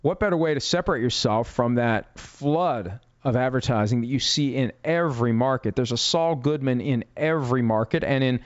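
A man delivers opinionated legal commentary that is blunt, emphatic, and tinged with sarcasm. His mid-range voice moves at a moderate pace with hardly any pauses. The audio is dry and dull, lo-fi, with no echo.

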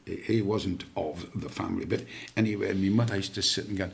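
A man as a podcast guest, telling family stories in an animated way and laughing at his own tales. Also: low-pitched, fairly quick, creaky.

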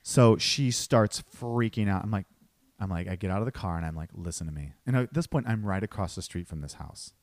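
A man telling a personal story in casual talk, animated and swearing freely as he acts out each voice. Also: fairly low pitch, a little fast, dry recording.

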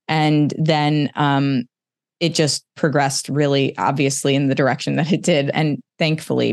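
A podcast host in conversation, speaking candidly and emotionally, often in quick bursts. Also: mid-range voice, no room sound, studio quality.

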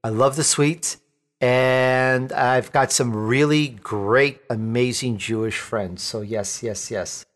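A man's voice: medium pitch, slow. A man from Chicago hosting an interview show, chatting casually and telling jokey stories. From Chicago, USA. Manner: jokey, animated storyteller. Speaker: talk show host.

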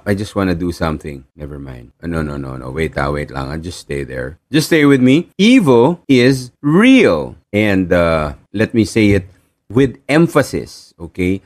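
A man with a Filipino accent preaching a sermon, animated and repeating key phrases for emphasis. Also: fairly low pitch.

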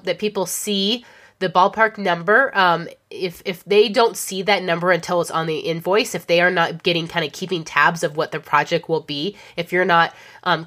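A woman with a slightly low voice teaches creative freelancers in an easygoing, conversational way. She talks through her points with plenty of fillers and restarts, often pausing to check in with a quick "okay?". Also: a bit bright. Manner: chatty, keeps checking in with a repeated "okay?". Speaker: instructor on pricing for creative freelancers. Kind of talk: casual spoken lesson.

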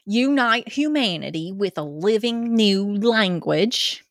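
A woman's voice: medium pitch, animated, takes it slowly, no echo, studio quality. A woman voicing an angry, conspiracy-minded Southern woman with a put-on Georgia accent, drawling and preachy.

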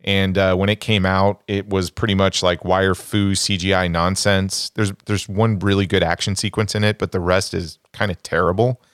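A man's voice: low-pitched, flat delivery, moderate pace, hardly any pauses, a bit bright, clear, resonant tone, dry recording, clean studio sound. A man co-hosting a casual movie podcast, bluntly ranking and trashing films he disliked. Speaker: podcast co-host.

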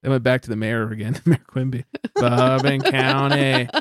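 A man's voice: medium pitch, little pitch movement, quick pace, a little mellow, dry recording. A man hosting a casual podcast, reading out a countdown list in a loose, joking, foul-mouthed way. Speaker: podcast host.

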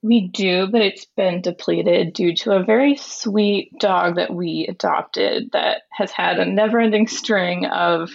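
A woman in her twenties calling in to a radio show, speaking calmly with some hesitation. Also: mid-range voice, a little slow, creaky, hardly any pauses, no echo. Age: 20s. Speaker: caller. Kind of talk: phone-in call. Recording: dull phone line.

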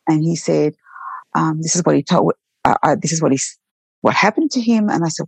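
Earnest nurse with a slightly gravelly voice. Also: female voice, low-pitched, brisk, a little mellow, no echo. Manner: earnest, heartfelt, with frequent restarts. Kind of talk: reflective storytelling interview.

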